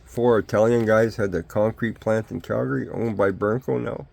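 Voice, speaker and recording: An older man talks into his vlog in a low, gravelly voice. He rambles from point to point and keeps firing off rhetorical questions. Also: steady tone, normal speed, darkish tone. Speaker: vlogger. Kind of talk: rambling opinion monologue.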